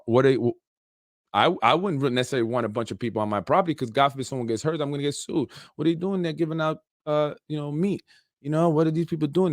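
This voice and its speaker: A man's voice: medium pitch, no room sound, studio quality. A man hosting a political talk show, ranting loosely with sarcastic asides and a lot of "you know". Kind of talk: unscripted political rant. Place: Yonkers, New York.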